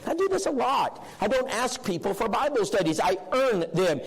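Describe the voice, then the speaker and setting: A man's voice: very high-pitched, big pitch swings, moderate pace, breathy edge, poor audio. A male preacher telling a story to his congregation, acting out the dialogue. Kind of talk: storytelling sermon lesson. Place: church, addressing a congregation.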